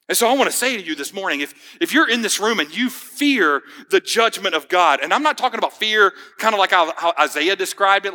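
In a church sanctuary with hall reverb, a pastor delivers an earnest, emphatic sermon and fires pointed questions at the congregation. His voice sits high, pushed and bright.

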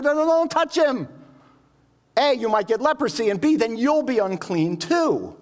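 A man preaching a sermon. He explains each point and keeps asking the listeners rhetorical questions. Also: fairly high pitch.

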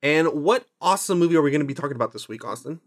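A man's voice: on the high side, lively intonation, very fast. A man co-hosting a movie podcast in casual chat, rambling, playful and self-mocking. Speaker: podcast co-host.

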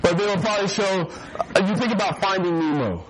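A man's voice: high-pitched, fairly quick, noisy background. A man preaching a casual, joking sermon to a youth group, often mimicking people and laughing along with his listeners. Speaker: youth pastor.

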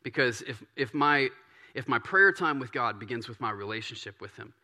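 A male pastor delivers a sermon in a loose, conversational style. His voice sits at an ordinary middle pitch and carries a bright, forward edge. He slips into quieter tones when he acts out a believer's prayers. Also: expressive, moderate pace.

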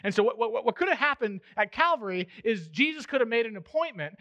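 A man preaching a sermon in church as pastor, moving between emphatic, raised passages and quiet, intimate ones. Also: extremely high pitch, animated, fast talker, few pauses, lo-fi sound. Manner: swings from loud emphatic preaching to hushed, intimate delivery.

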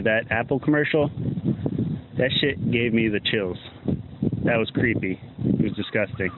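A man from Georgia calling in to a podcast, rambling in a riled-up way. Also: on the low side. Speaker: caller. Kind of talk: phoned-in voicemail. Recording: tinny phone line, faint hiss.

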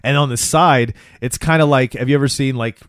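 A man's voice: mid-range voice, a little fast, no echo. A man with a mid-range voice recaps a show in an easygoing podcast chat. He agrees often and narrates scenes, dropping into the characters' lines as he goes. The recording is close and dry. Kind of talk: casual chat.

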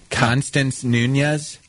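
A man's voice: mid-range voice, steady tone, drawn-out words, background noise. Joking, teasing male radio host. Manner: joking, teasing, laughs often. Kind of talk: casual banter.

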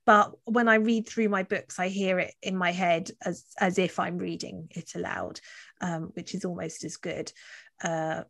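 A woman's voice: lowish voice, fairly even intonation, measured pace, vocal fry, fairly bright tone. A woman novelist talking casually in an interview, chatty and fond of filler words. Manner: chatty, with frequent "you know" fillers and laughs.

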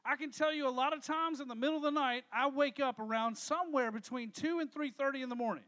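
A man with a strikingly high voice preaches a casual sermon. He keeps it light and playful, throwing questions out to his listeners and teasing them. His delivery is lively and conversational. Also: fast talker. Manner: energetic, joking, talks to the crowd with questions. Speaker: pastor. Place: church hall with a live audience.

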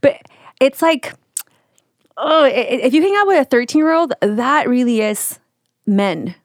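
A middle-aged woman talking in casual chat, animated and rambling, often restarting her sentences. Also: sits high, measured pace, no room sound, studio quality.

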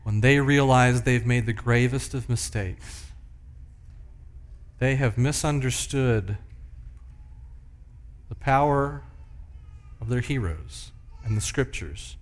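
A man preaching a sermon, moving between loud, emphatic passages and hushed, slow ones. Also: mid-range voice. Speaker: pastor.

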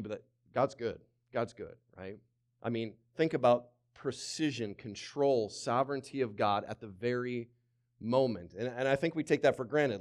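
A man's voice: medium pitch, a little mellow. A man preaching a sermon, emphatic, repeating phrases and calling on the congregation to answer back. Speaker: pastor.

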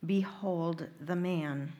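Woman reader doing an uneasy male Roman governor, liturgical reading, pointed questions, slow. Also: lowish voice, mellow. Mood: questioning.

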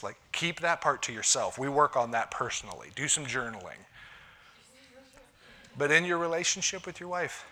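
A man preaching a conversational sermon as a pastor, moving between punchy lines and hushed asides. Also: mid-range voice, expressive, fast talker. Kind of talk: sermon on marriage.

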